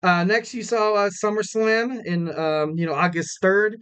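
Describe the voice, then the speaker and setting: Smooth-voiced young man rambling casually. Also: high-pitched, fairly even intonation, measured pace, a bit bright. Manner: loose and rambling, many fillers, jokey asides with laughs. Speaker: podcast host. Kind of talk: casual solo wrestling recap.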